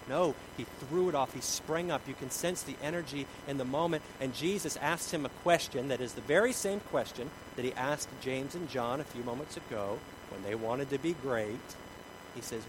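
A man preaching a sermon, shifting from shouts to hushed tones. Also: medium pitch, normal speed, noisy background.

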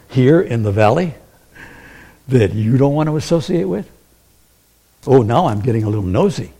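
A man's voice: mid-range voice, warm tone, slightly rough. A man preaching a sermon as pastor, acting out quoted voices and asking the congregation questions.

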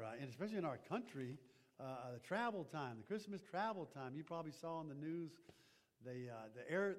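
A male pastor preaching a sermon, halting with many fillers and calling out for an amen. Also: medium pitch. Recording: long reverb of a large hall.

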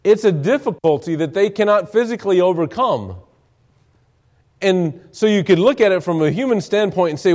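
A man's voice: high voice, lively intonation, moderate pace, a little mellow. A male preacher giving an evening sermon in a church, reading scripture aloud and explaining it earnestly. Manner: earnest, reads King James scripture then explains it.

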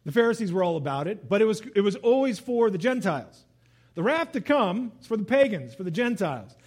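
A man preaching a sermon in an animated, conversational way, mixing scripture reading with casual asides. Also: high-pitched, brisk, breathy edge. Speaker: pastor.

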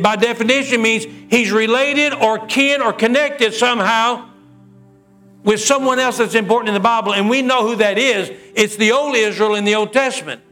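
A man preaching a sermon, acting out the dialogue of the story with swings in his voice. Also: sharp tone. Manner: storytelling preacher who acts out the dialogue with a lot of pitch swings. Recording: faint music behind.

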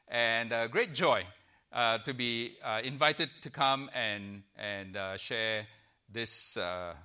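Bright-voiced man preaching a sermon. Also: medium pitch. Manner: warm storytelling with frequent uh fillers. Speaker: guest preacher. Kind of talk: sermon with a humorous anecdote. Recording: church service recording.

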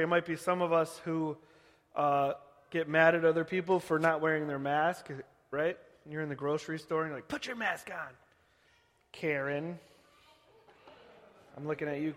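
A man in his thirties giving a joking, animated sermon to a congregation in a church hall. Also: on the high side. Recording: echoey hall.

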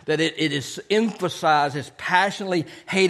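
Man, pastor, earnest sermon, repeats phrases, slightly high voice. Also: a little fast, fairly bright tone. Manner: earnest, repetitive preaching with calls of "Amen?".

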